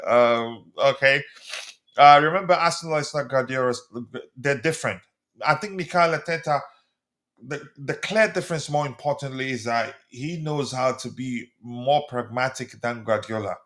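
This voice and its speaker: A man's voice: medium pitch, moderate pace, a bit bright. A man from South Africa hosting a live football debate stream, chatty, reading viewer comments aloud and answering them; his first language is not English. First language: a South African language other than English. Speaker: livestream host.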